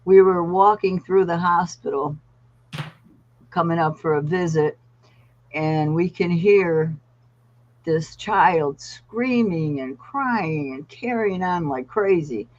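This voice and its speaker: A woman guest, a therapy dog trainer, telling animated stories on a podcast. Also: lowish voice, slow, lo-fi sound. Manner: animated storyteller acting out voices. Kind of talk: podcast storytelling.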